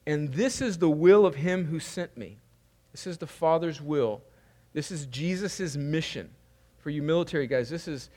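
A man preaching a sermon as pastor, earnest and emphatic, repeating words as he builds a point and swinging between loud raised passages and quiet scripture reading in a church. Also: on the high side, slightly rough. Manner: earnest, emphatic, with frequent word repetitions.

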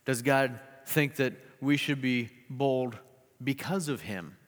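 A man preaches a sermon and tells a story with animated delivery and playful asides. His voice sits at a middle pitch. A long reverb rolls through a big hall behind every phrase. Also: slow. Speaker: pastor.

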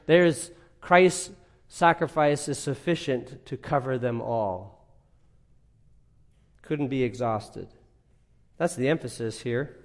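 A male preacher delivering an expository sermon, earnest and emphatic, dropping to a hush on key points. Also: mid-range voice, slow pace, pauses often. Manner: earnest, swings from emphatic to hushed.

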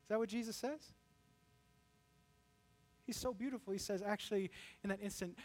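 High-voiced animated male preacher. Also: a little fast, pauses often. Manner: animated, acts out quoted voices with rising pitch. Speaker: pastor. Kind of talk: sermon.

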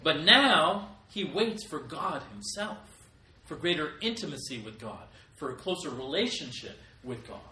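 A man's voice: fairly high pitch, pushed and bright. A middle-aged man preaching a sermon as pastor, with emphatic rises in volume. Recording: echoey room, voice from a distance.

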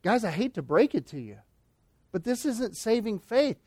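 High-voiced man preaching emphatically. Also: big pitch swings, normal speed, a little mellow, no room sound, clean studio sound. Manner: emphatic, with rhetorical questions. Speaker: pastor. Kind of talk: expository sermon.

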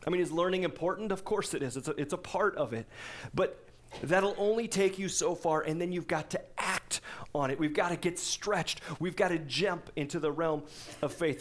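A pastor in his forties preaching a sermon in a relaxed, conversational way, breaking off for asides and rhetorical questions. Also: fairly high pitch.

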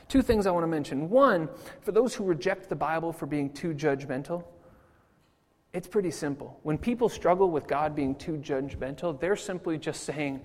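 A man preaching a sermon in a church, lively and quick to laugh at his own jokes. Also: on the high side. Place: church sanctuary. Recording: long church hall reverb.

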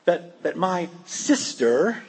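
Martha, put on by a male preacher: flustered overworked hostess, exasperated pleading, very husky tone. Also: high-pitched, big pitch swings, slow, darkish tone, voice pushed up, full character voice. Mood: indignant.

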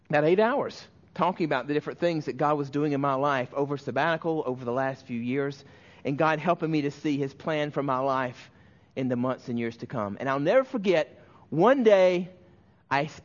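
A pastor delivers a sermon, earnestly and emotionally recounting a personal story, often sinking to a hush and frequently restarting his sentences. His voice is on the high side at a normal speed, and the recording has its highs cut off.

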